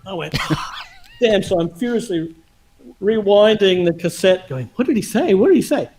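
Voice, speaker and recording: A man's voice: high-pitched, a little hiss or hum. A man hosting a livestream over a video call, telling stories casually with lots of laughter and acted-out quotes. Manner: animated, laughing, acts out quotes. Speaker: host.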